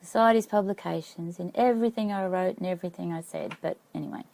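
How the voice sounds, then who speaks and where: Casting: middle-aged woman, low gravelly voice, halting personal vlog storytelling. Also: mellow, no room sound, low-quality recording. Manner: halting, reflective, often checks notes. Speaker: vlogger.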